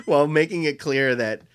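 Lively, sarcastic male podcast co-host. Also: on the high side, clean tone. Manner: lively, sarcastic, laughs and hesitates with ums. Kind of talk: casual movie review chat.

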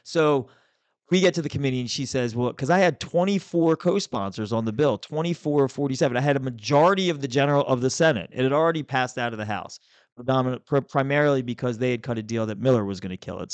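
Guy telling a big story on a podcast, acts out everyone's lines, super dry close mic. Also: dry recording. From Maryland, US. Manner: animated, acts out quotes with big pitch jumps. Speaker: podcast host, former state senator. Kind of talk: casual storytelling chat.

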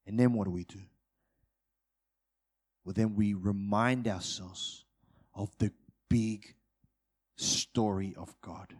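A man preaching a sermon to his congregation, moving between urgent, loud peaks and hushed, drawn-out phrases. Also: fairly even intonation, slightly rough. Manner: dynamic, swings from loud urgent peaks to hushed low delivery.

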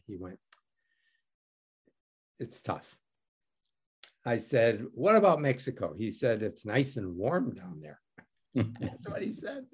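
A man from Detroit tells a story as an interview guest. He is wry and self-mocking and acts out each quoted line. His pitch rises and falls a great deal as he talks. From Detroit, USA. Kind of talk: animated storytelling.

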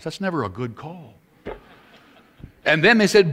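A middle-aged male pastor delivers a sermon with animated, emphatic storytelling. His pitch swings widely as he talks, and his voice rings with a long reverb as if in a big hall. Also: moderate pace, long pauses.

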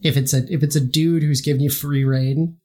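Player, male, higher voice, teasing casual banter. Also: fairly even intonation, mellow. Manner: joking, teasing, quick to laugh. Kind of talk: casual banter at a tabletop game.

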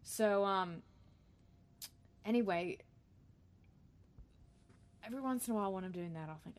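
A woman's voice: mid-range voice, a little slow, pauses often, slight background noise. A woman singer-songwriter chatting casually as a guest, self-deprecating and talkative. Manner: chatty, self-deprecating, sings short jingles. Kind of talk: casual chat.

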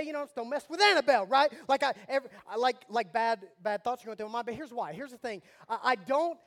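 A man, preaching a sermon with animated storytelling and mock outrage, moving from soft prayer to loud bursts. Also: very high voice, quick pace, few pauses. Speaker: pastor.

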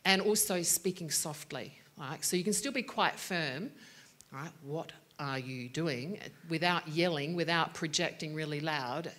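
A woman with a slightly lower voice gives a faith-based teaching talk in an easy conversational way. She explains with everyday examples and checks in with her listeners by asking "right?". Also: a bit bright.

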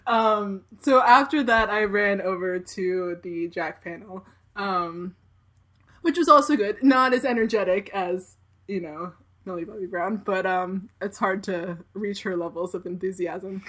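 A woman's voice: mid-range voice, unhurried, fairly bright tone. A woman casually telling a long story, rambling with lots of fillers and frequent giggles.

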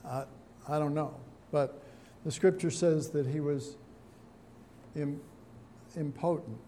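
A man with a high, mellow voice teaching a Bible study at an unhurried pace. He muses aloud, halting and restarting his sentences as he works verse by verse, with a faint hiss of noise behind him. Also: steady tone. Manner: musing, halting, with many restarts.

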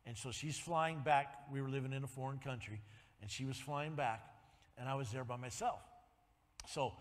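A man in his sixties preaching a sermon, telling a story with animated swings and rising to shouts of praise. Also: mid-range voice. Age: 60s. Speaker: pastor. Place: church sanctuary. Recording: long hall reverb.

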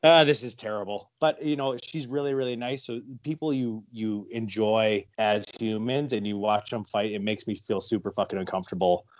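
A man's voice: fairly low pitch, normal speed, hardly any pauses, darkish tone, no echo. A man chatting casually on a podcast, rambling with lots of fillers and restarts. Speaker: guest, fighter and wrestler.

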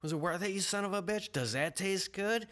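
A man doing a shrill, berating inner critic. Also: a little fast, fairly bright tone. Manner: mocking, berating. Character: scornful male inner critic, shouting insults.

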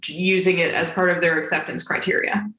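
A woman's voice: fairly low pitch, fairly even intonation, fairly quick, a bit bright. Dry, teasing young woman with room echo. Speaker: podcast co-host. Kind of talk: casual chat. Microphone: video call. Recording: roomy echo on video call.

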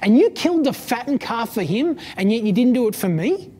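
A woman's voice: on the high side, big pitch swings, brisk, warm tone, slightly rough, voice pushed up. A woman voicing an indignant older brother. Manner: complaining, self-righteous. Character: resentful older brother, grown man, indignant.

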